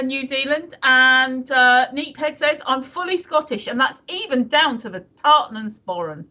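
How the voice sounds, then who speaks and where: A woman's voice: high-pitched, bright, forceful tone. A woman from the UK co-hosting a live stream, chatting casually and rambling with many restarts. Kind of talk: casual chat reading viewer comments.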